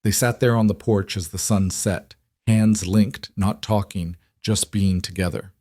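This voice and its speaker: Low-voiced man narrating a storybook. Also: fairly even intonation, a little slow, mellow, no echo, studio quality.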